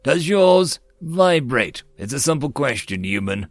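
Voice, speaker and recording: A man voicing a weary, sarcastic male bird-like alien visa clerk in a sci-fi story reading, speaking in a dry, drawn-out way. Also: medium pitch, vocal fry, a bit bright. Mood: deadpan.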